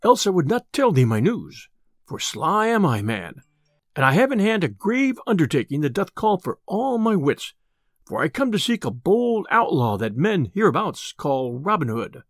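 A man's voice: on the high side, big pitch swings, moderate pace, dry recording, studio quality. A man reading aloud, voicing a boisterous, boastful male tinker in an audiobook tale. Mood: hearty. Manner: loud, boastful old-style speech.

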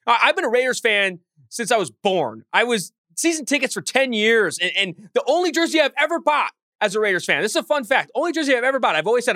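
Fast, bright-voiced man ranting. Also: extremely high pitch, very animated, no room sound, studio quality. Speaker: podcast co-host. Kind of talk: sports podcast talk.

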